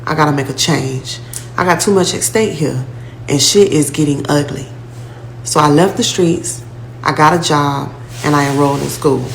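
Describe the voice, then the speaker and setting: A woman's voice: low voice, normal speed, vocal fry, reverberant, slight background noise. A woman telling her own life story in casual, blunt street talk, acting out what people said. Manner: blunt, profane street talk with acted-out quotes. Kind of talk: casual first-person storytelling.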